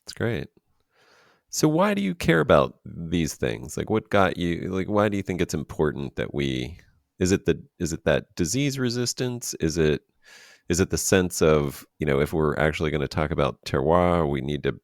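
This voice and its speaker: A man hosting an interview, asking halting, searching questions. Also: rumbling low, very animated, creaky, no echo, clean studio sound. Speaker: podcast host. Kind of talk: casual interview.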